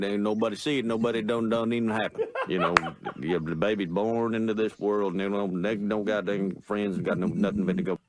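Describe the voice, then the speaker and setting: A man's voice: on the low side, pitched below the performer's own voice, close to an everyday voice. A man imitating a mumbling, slurred, rambling drawl of a cartoon neighbor from Texas.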